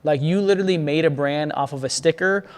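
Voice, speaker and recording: A man sharing his founding story in an interview, earnest and grateful, animated when he tells stories. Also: fairly high pitch, fast talker, smooth, in a large hall. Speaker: agency founder, guest. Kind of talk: casual conversational interview.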